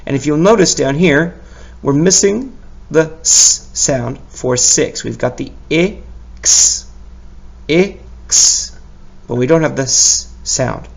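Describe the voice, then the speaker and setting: A man's voice: on the high side, takes it slowly, vocal fry. A male teacher giving a recorded spelling lesson for young children, patient and encouraging as he sounds out each letter and praises often.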